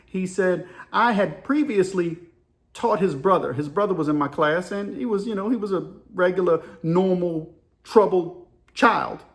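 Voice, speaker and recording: A middle-aged storyteller and channel host tells a story in a casual monologue, acting out voices and sound effects and laughing often. His voice is high and his pace measured.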